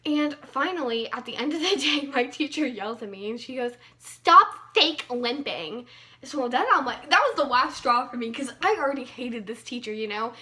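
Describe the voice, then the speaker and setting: A woman's voice: high voice, a little fast, hardly any pauses, pushed and bright. A young woman vlogger casually telling a personal story, chatty, with lots of fillers and playful emphasis.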